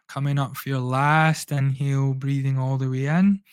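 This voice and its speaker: A man, a breathwork coach, guiding listeners through a breathing exercise with calm, slow, soothing instructions. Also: mid-range voice, background noise.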